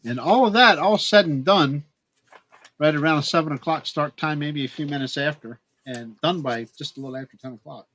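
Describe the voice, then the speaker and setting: A man co-hosting a casual chat, agreeable and quick to chime in. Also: on the high side, fairly bright tone. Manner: agreeable, short backchannels.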